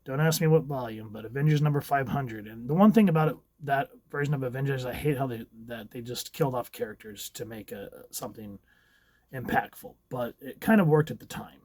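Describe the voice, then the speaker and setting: Man, comic book review, casual rambling narration, mid pitch, a little husky, dry close sound. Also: brisk, a little mellow, no echo. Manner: chatty, enthusiastic, a bit rambling.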